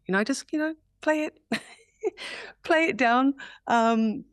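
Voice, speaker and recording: A woman's voice: on the high side, lively intonation, a little slow, no echo, studio quality. A woman in her forties with an Australian accent, chatting as an interview guest, laughing often and acting out quotes. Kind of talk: casual interview chat.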